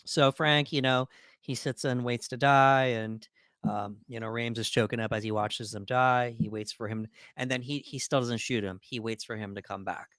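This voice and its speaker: A man's voice: medium pitch, steady tone, moderate pace, fairly bright tone, clear, resonant tone, no room sound, clean studio sound. A man co-hosting a podcast, talking through a movie in a loose, rambling way with plenty of fillers and restarts. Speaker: podcast co-host. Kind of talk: casual film discussion.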